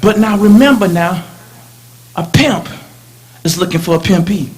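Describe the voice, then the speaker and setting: A male preacher tells his own story in a dramatic sermon, alternating between loud and hushed lines. He has a high-pitched voice and takes an unhurried pace.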